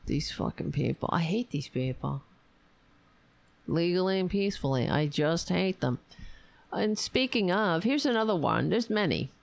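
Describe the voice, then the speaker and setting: A woman's voice: fairly low pitch, expressive, moderate pace, vocal fry. A woman hosting her own political commentary show, sarcastic and profane, ranting with asides and laughing at her own jokes.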